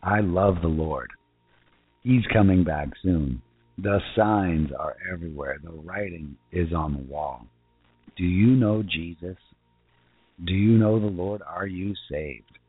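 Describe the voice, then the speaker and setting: A man preaching an informal sermon in earnest, asking rhetorical questions and repeating himself, and reading scripture slowly. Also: low voice, husky, no room sound. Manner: slow deliberate scripture reading. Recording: tinny phone-like sound with faint music.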